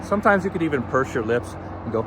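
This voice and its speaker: A man's voice: medium pitch, lively intonation, fast. A man hosting a motivational walking vlog, talking upbeat while walking and jogging on an outdoor trail. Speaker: fitness and mindset vlogger. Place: outdoor trail beside a busy road. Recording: clear traffic noise outdoors. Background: traffic noise.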